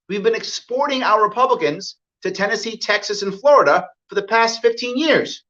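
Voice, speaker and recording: A man's voice: high-pitched, animated, a little fast, a bit bright. Emphatic New man giving a campaign speech. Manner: emphatic, repeats points, acts out quoted voices. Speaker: political candidate. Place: event hall with live audience. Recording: dull lo-fi event recording.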